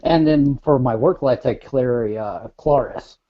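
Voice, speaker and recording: A man's voice: medium pitch, measured pace, no room sound. A man trading easygoing, profane banter in a casual chat. His voice comes through a tinny, phone-like line with a dry, close sound and no room around it.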